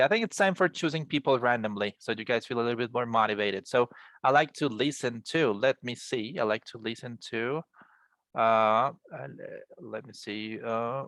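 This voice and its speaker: A man's voice: mid-range voice, a bit bright, dry recording. A man teaching an English class over a video call, encouraging his students and often repeating words as he explains.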